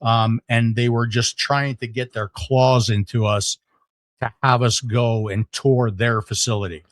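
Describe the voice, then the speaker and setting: A middle-aged man, a podcast guest, telling a story in casual conversation, animated, with lots of fillers and restarts. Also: medium pitch, measured pace, dry recording.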